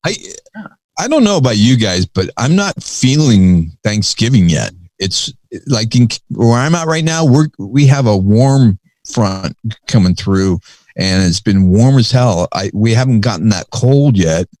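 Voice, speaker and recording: A man hosting a podcast, chatting casually in an excitable, rambling way and swearing freely. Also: lowish voice, unhurried, dry recording. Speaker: podcast host. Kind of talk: casual chat.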